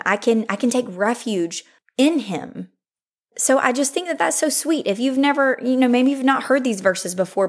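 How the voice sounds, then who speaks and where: A young woman hosting a faith podcast, earnest and chatty, with frequent laughs and lots of "like", who reads scripture aloud. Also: medium pitch. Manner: earnest and chatty, laughs often, says "like" a lot. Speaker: podcast host. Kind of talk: faith-based podcast talk, reading scripture.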